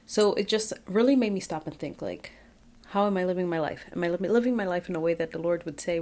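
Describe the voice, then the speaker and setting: A woman's voice: fairly low pitch, fast talker, a little mellow, slight background noise. A woman giving a casual, reflective Bible recap, chatty with many fillers and restarts. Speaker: Bible study vlogger. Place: outdoors, windy.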